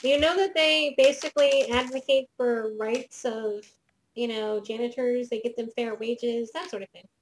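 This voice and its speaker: A hunted male janitor informant spills secrets in hushed, urgent confessions, as a woman game master plays him. The voice sits fairly high for a woman. Faint noise hums behind the tabletop role-play. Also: fairly even intonation, moderate pace, lightly acted, poor audio. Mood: explaining.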